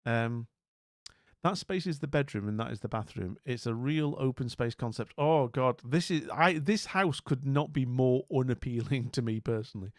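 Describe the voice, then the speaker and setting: A man's voice: mid-range voice, normal speed, no room sound, clean studio sound. A man streaming casually, rambling and bemused as he talks to viewers, with many restarts and asides. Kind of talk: casual live-stream commentary.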